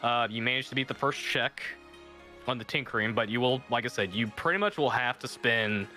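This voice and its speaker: Man, game master, bright tone, rambling, fillers, soft music behind. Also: mid-range voice, a little fast. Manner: rambling, many fillers and restarts. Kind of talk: narrating a tabletop game.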